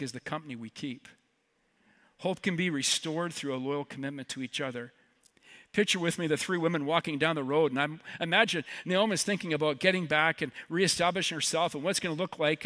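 A man's voice: on the high side, pushed and bright. A man preaching a sermon as a guest speaker, conversational and joking with the congregation in between. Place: church sanctuary.

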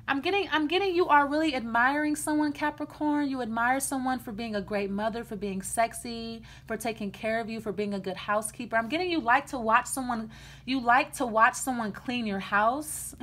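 A woman's voice: fairly high pitch, fairly bright tone. A woman giving a casual tarot reading in a blunt, chatty way, often restarting her sentences. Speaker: tarot reader.

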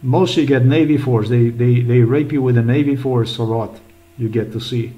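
Agitated rambling man, mid-pitched. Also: normal speed, lo-fi sound. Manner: agitated, rambling, swearing often. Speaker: vlogger. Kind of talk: rambling screen-recorded commentary.

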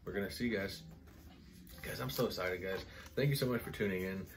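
Excitable low-voiced man reviewing fragrances. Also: brisk, soft background music. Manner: excitable, enthusiastic, rambling with many "like"s. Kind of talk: casual review vlog.

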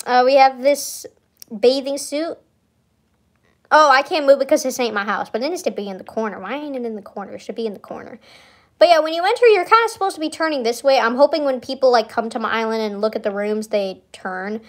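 A woman's voice: high voice, lively intonation, moderate pace. A young woman streamer giving a casual, rambling tour of a building in a game, giggling often and stalling on many fillers.

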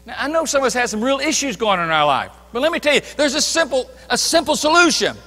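A man preaching a sermon as pastor, emphatic, swinging between loud declarations and hushed asides. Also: very high voice, very animated, quick pace, big-room sound. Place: church sanctuary.

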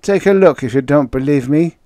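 A man's voice: on the high side, fairly quick, dark tone, no echo, voice pushed up, natural voice. A man voicing a defiant, one-armed former cop in an audiobook. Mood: steely. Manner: defiant, then strained. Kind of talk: audiobook character voice.

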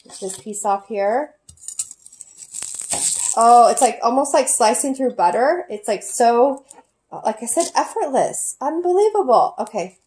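A woman with a fairly high voice talks through a casual product review vlog. She gushes with excitement and fills her sentences with "um" and "like". She is recording at home, in her kitchen. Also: measured pace, long pauses, slight background noise. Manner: gushing, enthusiastic, many fillers.

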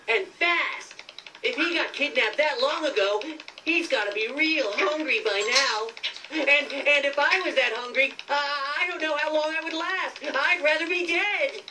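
A woman voicing an eager, soft-hearted little male creature sidekick who frets earnestly. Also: high-pitched, moderate pace, natural voice. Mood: worried. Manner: earnest, fretful, food-minded. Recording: distant, noisy game audio.

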